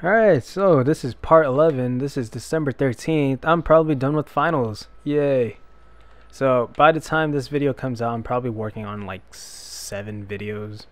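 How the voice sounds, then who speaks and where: A man's voice: medium pitch, moderate pace, no room sound. A young man giving rambling, chatty commentary while playing a skateboarding video game, talking back at the characters on screen. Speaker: gaming YouTuber. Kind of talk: casual let's-play commentary. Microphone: desk microphone.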